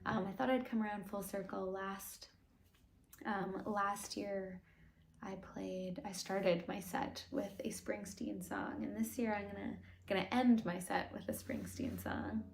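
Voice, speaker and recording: A woman singer-songwriter talking casually and softly between songs, quick and offhand, with many ums. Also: medium pitch, fairly even intonation, gravelly. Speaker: singer-songwriter performing a guest set. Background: her own acoustic guitar.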